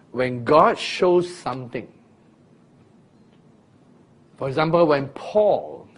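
A man teaching a Bible sermon in an unhurried, deliberate way, pausing to quiz his listeners and breaking into sudden loud sound illustrations. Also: mid-range voice, husky. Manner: asks listeners questions directly. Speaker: preacher.

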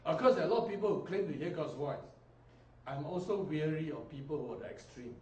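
Pastor, male, slightly high voice, lively sermon delivery, distant mic in a reverberant hall. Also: fast. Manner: animated preaching, mimics people, swings loud and soft.

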